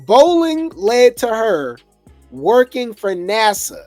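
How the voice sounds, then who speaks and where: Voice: medium pitch, sing-song, takes it slowly, a little mellow, no echo. A laid-back gossip host rambles through reality TV commentary, drifting between thoughts with plenty of fillers and easy chuckles. The voice is close and dry, with faint music underneath.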